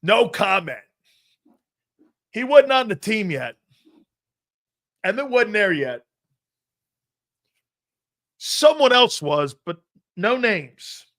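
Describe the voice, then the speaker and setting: A middle-aged man hosting a sports talk show, telling stories in a chatty, rambling way, laughing at himself and jumping between low mutters and loud exclamations. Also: sing-song, takes it slowly, long pauses. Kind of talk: casual storytelling talk.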